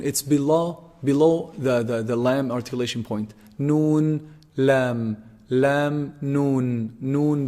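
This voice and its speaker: A man's voice: medium pitch, mellow. Man drilling Arabic letter sounds. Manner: repeats letters slowly and emphatically for demonstration. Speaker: Quran recitation teacher. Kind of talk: tajweed pronunciation lesson.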